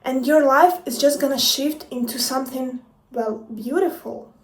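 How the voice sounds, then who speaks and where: In a casual motivational vlog, a female life coach addresses her audience with playful emphasis and plenty of cursing. She speaks at a moderate pace in a high-pitched voice. The recording sounds echoey, with the mic placed at a distance.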